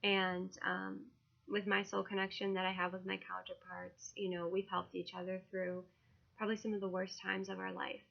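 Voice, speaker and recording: Woman, tarot reader, casual deck walkthrough, halting and emotional, monotone, muffled sound. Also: mid-range voice, vocal fry. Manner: emotional, halting, with frequent fillers.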